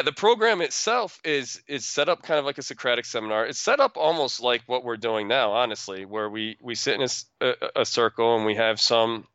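A man, a schoolteacher being interviewed, talking casually and haltingly, often restarting and repeating words. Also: mid-range voice, fairly bright tone, smooth, no echo, lo-fi sound. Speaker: schoolteacher and program founder, guest.

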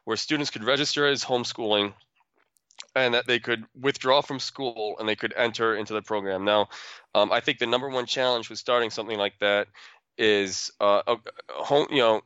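A man, a schoolteacher being interviewed, talking casually and haltingly, often restarting and repeating words. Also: fairly low pitch, steady tone, bright, forceful tone, clean tone, no room sound, lo-fi sound. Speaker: schoolteacher and program founder, guest.

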